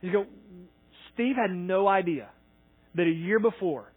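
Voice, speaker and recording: Man, pastor, sermon, earnest, acts out dialogue, husky, tinny phone-like recording. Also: sits high, animated, a little slow. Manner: earnest, acts out quoted dialogue, swings loud and soft.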